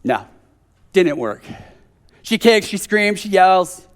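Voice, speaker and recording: Man, high voice, preacher, chatty sermon, joking asides, church service. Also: sing-song, takes it slowly. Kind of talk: conversational sermon.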